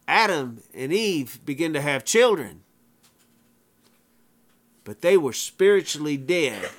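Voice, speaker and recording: Slow emphatic preacher man. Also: fairly high pitch, fairly bright tone. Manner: emphatic, repeats phrases for effect, plain folksy wording. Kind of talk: sermon.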